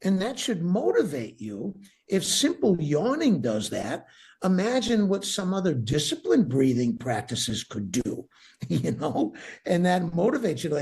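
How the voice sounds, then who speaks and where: Man, breathwork teacher, casual interview, husky voice, lively swinging pitch, frequent laughs. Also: measured pace. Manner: animated, enthusiastic, laughs often, restarts sentences. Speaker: breathwork teacher, podcast guest.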